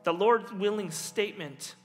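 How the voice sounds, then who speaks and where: A middle-aged man preaching a sermon, telling a story earnestly with quiet pauses and soft, lowered endings. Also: soft background music. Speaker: pastor. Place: church hall. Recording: long reverb of a large hall.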